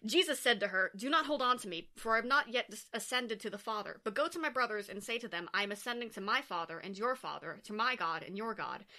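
A woman's voice: medium pitch, animated, fast, hardly any pauses, bright, forceful tone. A woman co-hosting a casual comedy podcast, reading scripture aloud and cracking sarcastic jokes between the verses. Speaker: podcast co-host.

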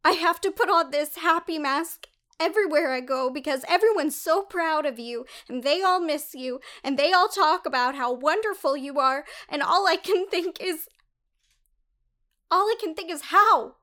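A woman's voice: high voice, normal speed, a bit bright. A woman voicing a distraught young wife who pleads tearfully with her husband in an audiobook. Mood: hurt. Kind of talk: audiobook dialogue.

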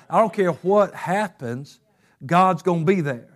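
A male pastor preaching a sermon, talking casually and then building up to fervent, shouted stretches. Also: high voice, lively intonation, unhurried.

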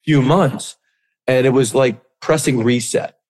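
A middle-aged man, a guest on an interview podcast, telling his story with lively acted-out quotes. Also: medium pitch, measured pace. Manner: animated storyteller, acts out quotes. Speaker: podcast guest, business coach.

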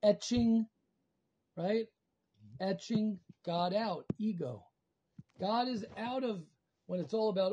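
A man teaching former students in a storytelling sermon, animated and repeating phrases for emphasis, swinging from loud and high to soft. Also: slow, long pauses, lo-fi sound, slight background noise. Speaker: rabbi teaching alumni.

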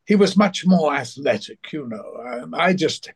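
A man's voice: on the high side, animated, unhurried, slightly rough, exaggerated voice. A fussy, genteel elderly stage actor, as a man puts him on, speaking in a raised voice. The delivery is fretful and self-deprecating, with old-school refinement. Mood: modest.

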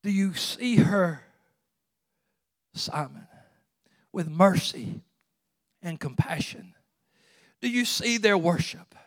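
Preaching pastor with a higher voice. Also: male voice, lively intonation, takes it slowly, pauses often, no room sound, studio quality. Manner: swings from hushed talk to loud exclamations, repeats words. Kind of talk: sermon.

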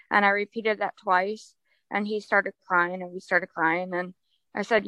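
A woman's voice: medium pitch, fairly even intonation, measured pace, pushed and bright, dry recording, rough recording. A woman guest on a podcast, speaking in a heartfelt, emphatic way and repeating her points. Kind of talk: conversational interview.

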